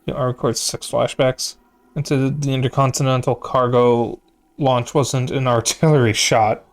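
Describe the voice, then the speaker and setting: A man's voice: medium pitch, fairly even intonation, moderate pace. Sleepy man rambling over a game. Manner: rambling, muttering, restarts mid-thought. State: sleepy, yawning. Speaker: streamer. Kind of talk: casual gaming commentary.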